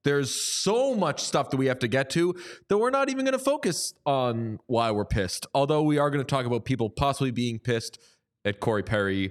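A man co-hosts a sports talk show in loose, casual chat. He rambles and jokes with a wry edge. His voice sits at an everyday middle pitch. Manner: wry, rambling, quick to joke. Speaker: podcast co-host.

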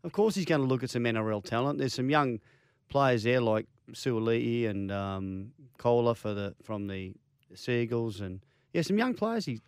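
A man's voice: medium pitch, lively intonation, clear, resonant tone, no room sound, clean studio sound. Chatty Australian male radio co-host. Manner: chatty, quick to laugh, trailing restarts. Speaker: co-host of a sports radio show. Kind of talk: casual radio banter. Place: radio studio. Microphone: studio microphone.

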